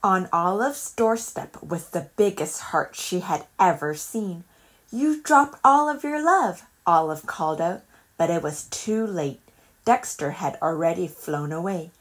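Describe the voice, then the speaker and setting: A woman reading a children's picture book aloud in a calm, measured storytelling voice. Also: fairly low pitch. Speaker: storybook reader.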